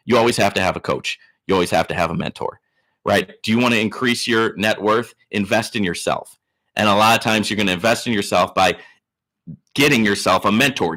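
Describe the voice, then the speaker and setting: A man hosting a live Q&A stream, giving loud, hyped shout-outs to viewers in the chat and teasing them boastfully. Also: mid-range voice. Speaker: livestream host.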